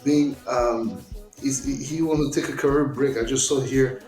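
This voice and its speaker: A man with a mid-pitched voice speaks as a guest on a casual podcast, in a blunt, worked-up way. He stumbles and restarts his sentences often. His voice rings in an echoey room over faint music. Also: steady tone, moderate pace, darkish tone. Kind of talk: casual chat.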